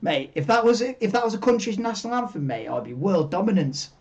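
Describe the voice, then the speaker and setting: A man hosting a live stream, chatting casually in a rambling, excitable way and swearing freely. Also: sits high, brisk. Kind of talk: casual live watchalong chat. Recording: dull lo-fi mic, tinny.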